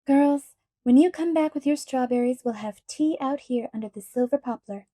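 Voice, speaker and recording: A woman's voice: sits high, normal speed, dark tone, no room sound, clean studio sound. A woman playing a wistful, whimsical genteel lady. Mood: delighted.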